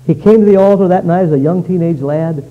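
A man's voice: high voice, quick pace. Man preaching a revival sermon, lo-fi. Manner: storytelling, swings from hushed to loud. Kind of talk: evangelistic sermon.

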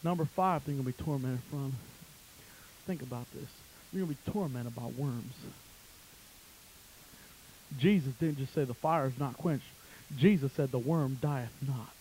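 A fiery male preacher delivering a fire-and-brimstone sermon. His voice sits a bit high for a man. He swings from shouted peaks down to hushed, intense warnings and talks in a folksy way. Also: a little hiss or hum, rough recording.

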